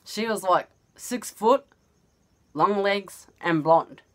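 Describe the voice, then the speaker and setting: A woman's voice: medium pitch, slow pace. A woman with an Australian accent casually telling a personal story, chatty and often laughing as she goes. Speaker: vlogger.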